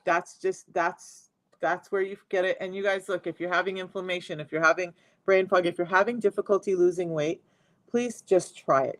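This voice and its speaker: A man's voice: high voice, no echo. Chatty, emphatic man on a live stream. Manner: chatty and emphatic, talks straight to viewers. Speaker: health coach. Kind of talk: live-stream sales pitch and personal testimony.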